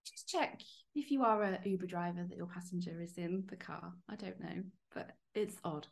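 A woman, co-hosting a podcast and telling a story in a lively, casual way, acting out quoted lines. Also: fairly low pitch, normal speed, gravelly. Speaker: podcast co-host.

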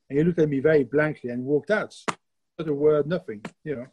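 A man's voice: a little high, a little fast, highs cut off, a little hiss or hum. A middle-aged man from France with a French accent, a baker telling laughing, plainspoken stories as a guest in a casual interview.

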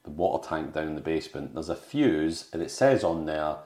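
A man's voice: rumbling low, lively intonation, a little fast, a little mellow. A man co-hosting a podcast, chatting casually about a film and retelling scenes with lots of restarts. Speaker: podcast co-host. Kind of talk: casual film review chat. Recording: roomy echo.

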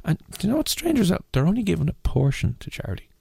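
A man's voice: sits high, wildly swooping pitch, very fast, gravelly, mellow, slightly rough, no echo, clean studio sound. A young man hosting a radio show, chatting casually and teasing his co-host with jokes. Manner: teasing, jokey, puts on silly voices.

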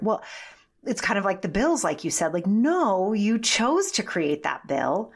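A woman's voice: mid-range voice, very animated, unhurried, breathy edge. A woman guest on an interview podcast, talking emphatically and animatedly, with the odd swear word. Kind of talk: conversational interview.

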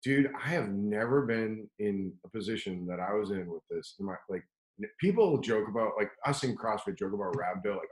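Rambling man, casual chat, profane, lowish pitch, echoey room. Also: expressive, moderate pace. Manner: rambling, profane, lots of "like" and restarts. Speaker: podcast guest telling a story.

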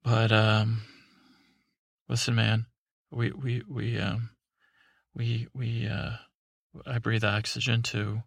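A man doing a mumbling, deadpan superhero. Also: takes it slowly, gravelly, pauses often, dry recording. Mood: flat. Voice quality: mumbling, low-key. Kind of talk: sleepy bedtime story role-play.

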